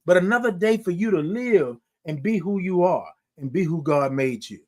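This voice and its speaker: A man's voice: high-pitched, animated, moderate pace, darkish tone. A man hosting a morning livestream in a casual, exuberant way, reading out chat comments and sometimes singing his greetings.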